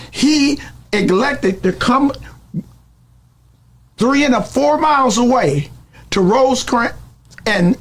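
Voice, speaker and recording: Husky man telling a street story. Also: high voice. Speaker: interview guest. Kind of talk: storytelling in an interview.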